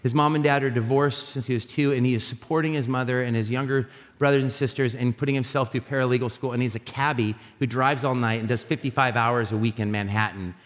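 A man preaching a sermon as a pastor, telling animated, jokey stories with many restarts. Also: medium pitch, fast, hardly any pauses. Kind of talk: sermon with storytelling. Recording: live sermon in a reverberant hall.

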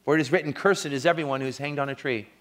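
A man preaching a sermon as pastor, earnest, rising to strong emphasis and dropping to a hushed, intimate tone when telling a story. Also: on the high side, rapid-fire.

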